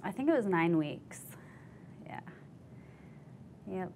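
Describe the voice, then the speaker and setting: A young woman veteran telling her story in an oral history interview, candid and animated, acting out the voices of others. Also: lowish voice, slow, a little hiss or hum. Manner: candid storytelling, acts out quoted voices, laughs easily.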